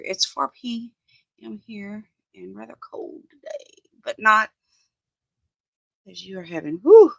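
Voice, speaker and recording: A woman's voice: medium pitch, gravelly, a bit bright, no echo, dull audio. A woman hosting a casual crafting live stream from her home desk, chatting as she works, greeting viewers by name and thinking aloud. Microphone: phone.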